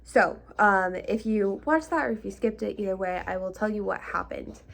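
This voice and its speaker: A woman's voice: medium pitch, normal speed, gravelly, fairly bright tone, a little hiss or hum. A young woman vlogger telling a casual storytime, chatty and full of likes and ums. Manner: chatty, lots of likes and ums, half-laughing.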